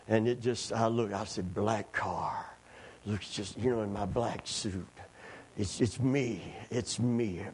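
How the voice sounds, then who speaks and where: Pastor telling a lively sermon story. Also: male voice, medium pitch, husky. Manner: animated, acts out quoted voices, laughs at own stories. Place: church.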